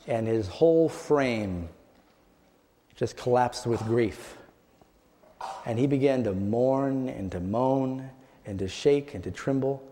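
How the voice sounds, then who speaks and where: A man preaching a sermon, telling a story dramatically, his voice rising high and dropping to a hush. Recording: long hall reverb.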